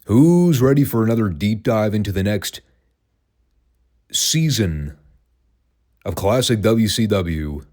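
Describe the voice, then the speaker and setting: Man, very low voice, solo podcast host, wry and sarcastic, chatty. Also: animated, normal speed, few pauses, warm tone. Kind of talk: casual commentary, solo podcast.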